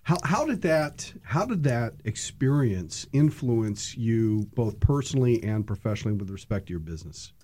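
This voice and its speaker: A man hosting a podcast, asking measured questions and summing up what his guest just said. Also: medium pitch, sing-song, warm tone, slight background noise. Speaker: podcast host. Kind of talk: interview questions.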